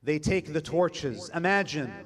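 A male preacher tells a story slowly and dramatically. His voice sits fairly high for a man. He quotes Arabic with chanted phrasing, and his delivery grows more impassioned. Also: lively intonation, fairly bright tone. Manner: switches between English and classical Arabic recitation. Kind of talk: emotional religious sermon narration.

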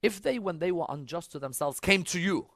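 An emphatic, lively-voiced male preacher. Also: high-pitched, vocal fry, no echo, studio quality. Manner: emphatic, swings between loud urging and soft intimate storytelling; recites Arabic scripture quickly in a chanting lilt. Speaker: religious preacher. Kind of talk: sermon.

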